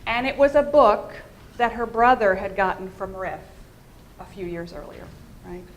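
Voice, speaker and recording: A middle-aged American woman gives a talk on fundraising, often turning to her listeners with questions. Her voice sits at an ordinary middle pitch, and a clear hiss of background noise runs under the recording. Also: animated, normal speed. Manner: engaging, addresses the audience with questions. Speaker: fundraising communications consultant. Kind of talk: conference presentation. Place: presentation room.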